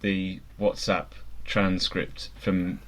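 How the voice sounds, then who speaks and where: Laid-back man with a lowish voice. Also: little pitch movement, drawn-out words. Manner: laid-back, self-deprecating. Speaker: podcast co-host. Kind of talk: casual chat.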